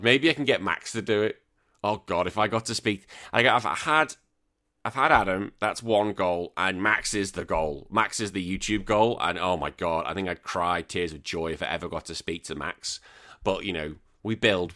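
A young British man hosting a retro games podcast, reading out listener comments in an excitable, sweary, laughing manner. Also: low voice, moderate pace. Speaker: podcast host.

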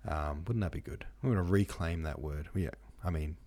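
Warm and extremely low-pitched, a man talks at normal speed while hosting a relaxed book podcast. He reads listener comments and passages aloud, then muses on them with frequent ums and asides.

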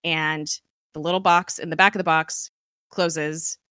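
A woman casually recapping a TV episode in a chatty, rambling way, full of fillers and quick laughs. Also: deep voice, flat delivery, bright, forceful tone, smooth, no echo. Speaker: podcast host recapping a TV episode.

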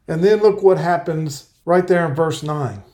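A man preaching an earnest verse-by-verse sermon, explaining scripture and reading passages aloud slowly. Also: fairly high pitch, a little mellow. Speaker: pastor. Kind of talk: Bible-teaching sermon.

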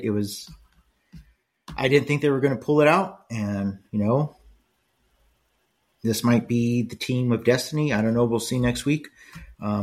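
An older man hosting a solo podcast, talking casually and rambling, often checking in with "right?" and lots of fillers. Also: mid-range voice. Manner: conversational, rambling with frequent "right?" tags and fillers. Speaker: podcast host.

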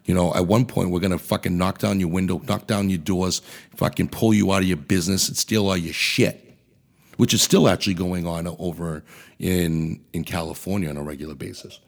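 A man's voice: low voice, steady tone, brisk, vocal fry. A man hosting a podcast, delivering an angry, profane political rant in a blunt way. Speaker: podcast host. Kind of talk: ranting political commentary.

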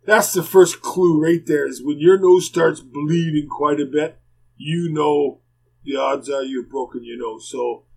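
A man's voice: on the high side, steady tone, unhurried, vocal fry, darkish tone, husky, poor audio. An older man, a former hockey player rambling through plainspoken anecdotes as a podcast guest. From Canada. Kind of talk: casual storytelling.

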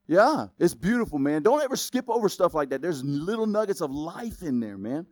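A man preaching a sermon as pastor, in a casual, conversational way that builds up to loud exclamations. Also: a little high, sing-song, normal speed, few pauses, no room sound.

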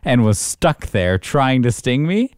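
A man's voice: medium pitch, very animated, a little slow, smooth, no room sound, clean studio sound. A man in casual chat, animatedly telling a story from work and acting out his own panic.

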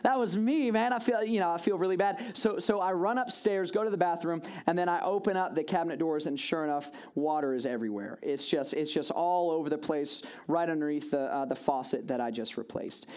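A man's voice: a little high, a little fast, hardly any pauses, darkish tone, clear, resonant tone. A man giving a storytelling sermon to a congregation, casual and chatty, with lots of "like" and "right?" asides to his listeners.

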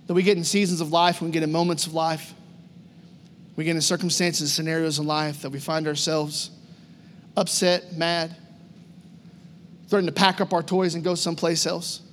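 A male pastor preaching a storytelling sermon in an animated, conversational way, full of repetition. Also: on the high side, moderate pace, pauses often, big-room sound, slight background noise.

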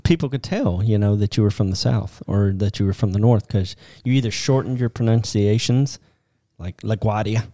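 A man's voice: lowish voice, moderate pace, warm tone. A middle-aged man from Detroit, co-hosting a podcast in a casual, rambling chat and laughing often. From Detroit, Michigan. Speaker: podcast co-host.

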